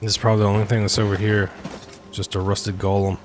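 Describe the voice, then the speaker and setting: A man's voice: on the low side, flat delivery, fast, a little hiss or hum. Rambling joking young streamer guy. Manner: rambling, joking, self-interrupting. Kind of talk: casual gameplay commentary.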